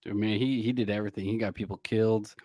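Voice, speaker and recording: A man co-hosting a casual political talk show, talking in halting bursts with many restarts and acting out what others said. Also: lowish voice, fairly even intonation, a little mellow, no echo. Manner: halting, restarts often, acts out quotes. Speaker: co-host.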